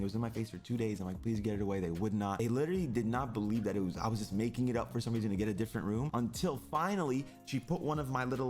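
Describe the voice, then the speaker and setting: Fast-talking young man, intense and rambling. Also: lowish voice. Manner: rambling, intense, swears often. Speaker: streamer. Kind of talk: emotional personal story.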